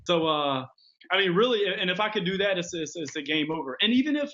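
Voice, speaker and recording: A man who is a real estate agent, guest in a casual chat, personable and high energy, often laughing as he talks. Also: animated, quick pace, sharp tone, highs cut off.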